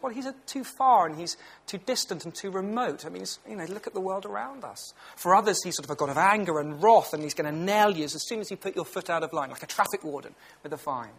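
Husky British man preaching. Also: fairly high pitch. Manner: conversational, anecdotal, earnest. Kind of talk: lunchtime Bible talk.

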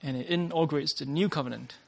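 A man's voice: on the high side, fast, gravelly. A man preaching a sermon to a workplace gathering, earnest, often starting lines with "uh" and restating his points.

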